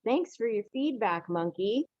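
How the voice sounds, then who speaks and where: A woman's voice: on the high side, animated, a little slow, no echo, muffled recording, pitched above the performer's own voice. A woman voicing a nagging monkey that stands for the inner critic, endlessly finding fault.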